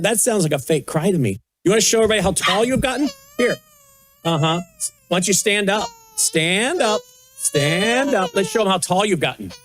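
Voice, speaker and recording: An older man, the host, gently coaxing and baby-talking with a small child at a studio news desk. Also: sits high, noisy background. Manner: soft coaxing baby talk. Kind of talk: casual chat with a toddler on air.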